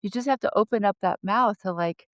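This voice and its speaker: A woman co-hosting a casual conversation, telling personal stories with lively restarts and laughter. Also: medium pitch, a little fast, no room sound. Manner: animated storyteller, frequent restarts and laughter. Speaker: podcast co-host.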